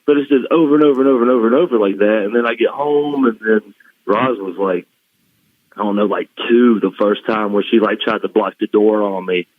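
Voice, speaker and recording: A man's voice: on the low side, fairly quick, dry recording. A man from the American South, a guest telling family stories in casual chat, often laughing. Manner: emotional storytelling with laughs. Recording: dull lo-fi line.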